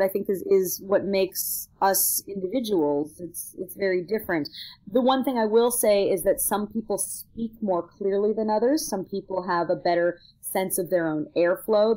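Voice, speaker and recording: A woman opera singer and vocal coach talking casually on a podcast, explaining in a lively way and laughing now and then. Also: mid-range voice, low-quality recording.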